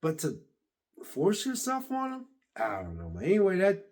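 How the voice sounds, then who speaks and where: A man vlogging a series review in a casual, rambling way, restarting sentences and getting excited as he retells scenes. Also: high voice, moderate pace. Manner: excitable, laughs and exclaims. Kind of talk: casual rambling reaction chat.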